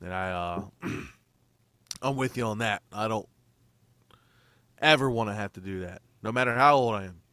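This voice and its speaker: A man's voice: lowish voice, a little slow, pauses often, pushed and bright, dry recording. A man co-hosting a podcast in casual banter, easygoing and agreeable with lots of fillers. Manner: laid-back, agreeable, hesitant fillers. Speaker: podcast co-host.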